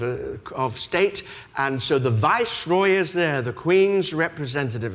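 Australian-raised preacher man, higher voice. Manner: storytelling, rising to emphatic preaching. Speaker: pastor. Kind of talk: sermon.

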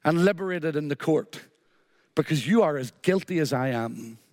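In an animated sermon at normal speed, a man whose voice is a little high and darkish in tone repeats phrases emphatically and weaves in a short story. The recording is studio quality, set in long hall reverb.

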